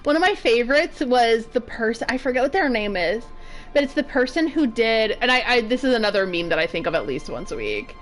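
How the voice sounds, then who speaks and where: A woman's voice: on the high side, sing-song, brisk, faint music behind. A woman in her thirties chatting casually while streaming a game, giggly and playfully swearing. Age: 30s. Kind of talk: casual gameplay commentary.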